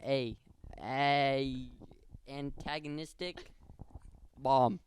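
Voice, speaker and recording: A man's voice: medium pitch, fairly even intonation, very slow, slight background noise. A young man as a podcast guest, giving short offhand answers. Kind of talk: casual chat.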